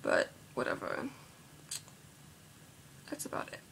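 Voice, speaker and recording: A seventeen-year-old girl speaks slowly in a slightly bright voice, with slight background noise. Chatting casually in a vlog, she rambles, packs her speech with "like," and sounds worried and unsure.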